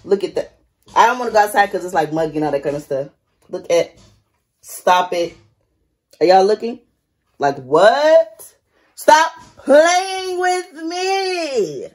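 A woman chatting casually to camera in a beauty vlog, animated and talky, calling her viewers y'all. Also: fairly low pitch. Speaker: beauty vlogger. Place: bathroom at home. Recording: echoey bathroom.

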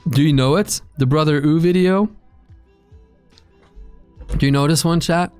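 A man's voice: fairly high pitch, measured pace, a little mellow, clean tone, no echo, soft background music. A man streaming live and chatting casually with his viewers, blunt and full of swearing as he rambles.

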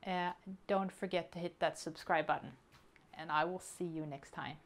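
A woman hosting a casual unboxing vlog, chatty and excitable, counting items aloud as she goes. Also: on the low side, moderate pace. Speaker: hobby vlogger.

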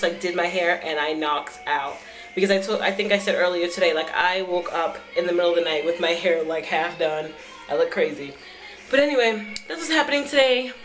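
A woman's voice: medium pitch, fairly bright tone. A young woman in college chatting casually to her camera from her bedroom, giggly and full of fillers. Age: young adult. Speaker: college vlogger. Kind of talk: casual vlog chat.

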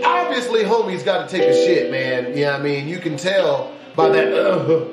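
A young man commenting on a horror game he is playing, brash and full of slang, often breaking into yelling. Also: on the high side, animated, moderate pace, few pauses, echoey room, recorded from a distance, loud music behind the voice, low-quality recording. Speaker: gaming YouTuber.

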